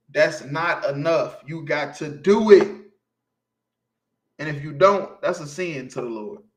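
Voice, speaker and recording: The voice is high and reverberant as a street preacher forcefully teaches scripture in a casual sermon. He keeps breaking in with "you feel me" to make sure his audience is following.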